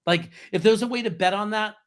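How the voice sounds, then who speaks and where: A man co-hosting a casual sports chat, animated, chuckling often and talking in long run-on thoughts. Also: high-pitched, fairly quick. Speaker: podcast co-host.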